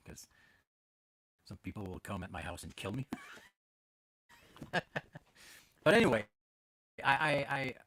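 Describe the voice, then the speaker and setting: A man's voice: mid-range voice, a bit bright, husky. A man hosting a podcast from home in casual chat, rambling with many fillers and restarts. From Canada. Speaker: podcast host. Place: at home with his dog.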